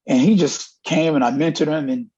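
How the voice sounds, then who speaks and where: A man's voice: fairly high pitch, normal speed, warm tone, husky. A middle-aged man, a football coach, giving a candid interview and telling stories with lots of acted-out dialogue. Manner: earnest storyteller acting out dialogue. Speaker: college running backs coach, interview guest. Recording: dull lo-fi audio.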